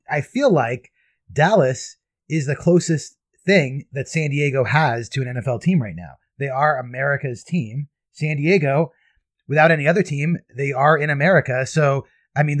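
A man's voice: on the high side, moderate pace, dry recording. A man hosting a casual podcast, chatty and self-deprecating, often breaking into laughter. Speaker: podcast host.

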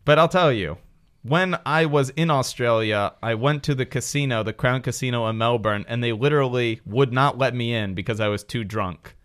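A man's voice: mid-range voice, moderate pace, fairly bright tone, smooth. A man hosting a podcast in casual chat, joking and laughing as he reads out facts about a country. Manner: jokey, laughs often, reads facts aloud. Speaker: podcast host.

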